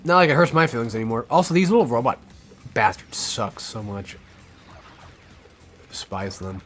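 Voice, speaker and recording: A man's voice: mid-range voice, big pitch swings, normal speed, a bit bright, faint music behind. A man giving casual, rambling gameplay commentary with crude jokes. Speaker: let's play host.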